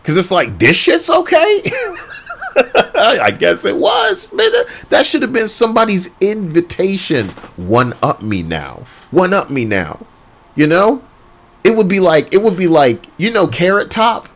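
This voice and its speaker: Slow, lively-pitched male streamer. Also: vocal fry. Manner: crude, rambling, laughs often. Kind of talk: casual livestream rant.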